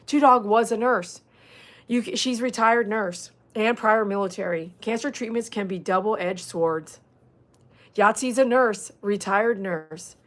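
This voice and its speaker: A woman of middle pitch talks casually to her livestream audience as a dog groomer, thanking viewers and reading their comments aloud. She says y'all and leans into heartfelt asides. Her delivery is lively, flaring into mock outbursts and then settling into something quieter. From Texas. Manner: animated, swings into loud mock outbursts, then soft and earnest; chatty, reads out viewer comments, uses y'all.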